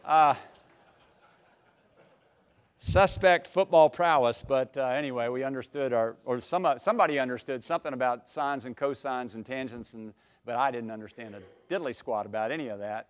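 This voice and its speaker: A middle-aged man preaching an expository sermon, folksy and self-deprecating, swinging from quiet asides to loud, emphatic bursts. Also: mid-range voice, brisk, smooth. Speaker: pastor.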